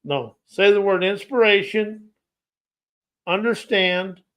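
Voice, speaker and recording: A man with a fairly high voice speaks in a slow, unhurried cadence. He hosts a podcast and delivers a spoken-word motivational monologue, pacing it in rhythmic, poetic lists of words. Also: a bit bright, clean tone. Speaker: podcast host.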